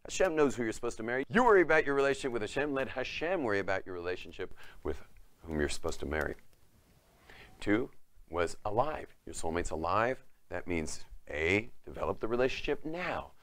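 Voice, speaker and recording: Middle-aged rabbi guy, low voice, animated storytelling that bounces all over. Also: a little fast, no room sound. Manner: animated storyteller who acts out quoted voices. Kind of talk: storytelling religious talk.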